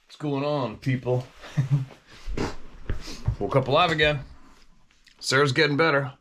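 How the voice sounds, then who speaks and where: A man's voice: mid-range voice, fairly even intonation, takes it slowly, fairly bright tone, slight background noise. A man hosting a casual talk, a former hunting guide telling stories in a rambling, questioning way. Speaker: host.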